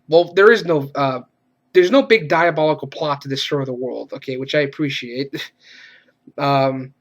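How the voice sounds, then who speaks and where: Guy ranting thru a movie review, swears a lot, kinda high voice, rambles on. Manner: rambling, profane, gets worked up when ranting. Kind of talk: casual spoken film review.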